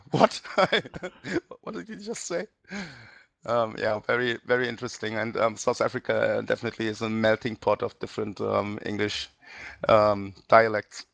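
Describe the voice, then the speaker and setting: A man hosting a relaxed interview, his voice gravelly with plenty of fry. He talks haltingly, restarting his sentences, and the sound is close and dry. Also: medium pitch, no echo. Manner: hesitant, many restarts and fillers. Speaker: interview host. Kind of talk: casual interview chat.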